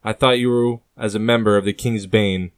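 A man's voice: fairly low pitch, steady tone, moderate pace, clear, resonant tone, no room sound, natural voice. A man voicing the commanding leader of a rebel group, speaking sharply and with proclamation, in an audiobook. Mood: chiding.

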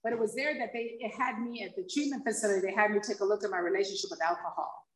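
Woman, fifties, from Hawaii, recovery testimony, lively storytelling, roomy echo. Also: medium pitch, rapid-fire, slight background noise. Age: 50s. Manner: lively storyteller acting out dialogue, laughing often. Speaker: speaker sharing a recovery story. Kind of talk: personal testimony to a group. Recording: echoey room, far from the mic.

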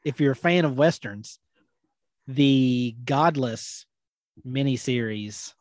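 A man's voice: medium pitch, slow pace, no room sound, clean studio sound. A man co-hosting a casual podcast chat, joking with friends and recommending old shows in loose, rambling sentences. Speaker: podcast co-host.

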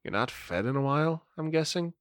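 A man voicing a nervous young vampire fledgling who speaks low and guarded in a solo tabletop game. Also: lively intonation, a little fast, no echo, clean studio sound, lightly acted. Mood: cagey.

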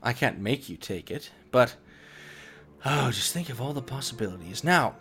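A man's voice: medium pitch, expressive, sharp tone. A man voicing a scheming male devil who talks in polite, condescending taunts. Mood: taunting. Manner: silky, condescending, drawn-out taunts.

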